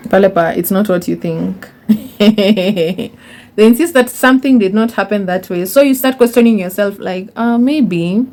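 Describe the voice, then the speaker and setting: A young woman talks straight to her viewers in a chatty advice vlog. Her voice is mellow and warm at a middle pitch. She repeats words for emphasis and calls her listeners honey. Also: a little slow. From Kenya. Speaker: YouTuber. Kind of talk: casual advice monologue.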